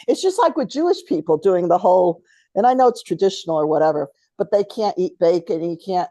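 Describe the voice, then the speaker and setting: A woman's voice: lowish voice, lively intonation, fairly quick, mellow, no room sound. A middle-aged woman co-hosting a spiritual talk show, chatting casually and telling stories with a laugh. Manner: storytelling, chatty, laughs often. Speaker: podcast co-host.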